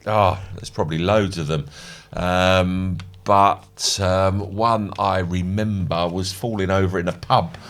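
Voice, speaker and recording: A man's voice: low-pitched, steady tone, slow, hardly any pauses, fairly bright tone, faint music behind. A middle-aged man, a company founder guesting on a podcast, joking and rambling with fillers. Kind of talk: casual podcast chat.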